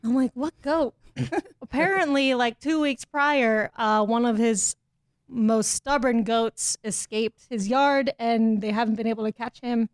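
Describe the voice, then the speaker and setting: Lively higher-pitched woman telling field stories. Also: a little slow, no room sound. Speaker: guest. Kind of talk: casual storytelling.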